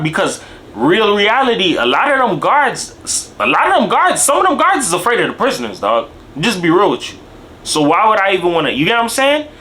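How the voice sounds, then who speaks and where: A young man in casual reaction commentary, talking in animated street slang and tagging his lines with "bro" and "dog". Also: sits high. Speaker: video commentator.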